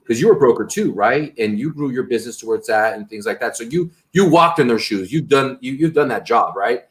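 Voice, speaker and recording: A man's voice: mid-range voice, lively intonation, a little fast. A man hosting a casual interview, rambling with many restarts and tag questions. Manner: rambling, frequent restarts and "right?" tags. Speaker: interview host.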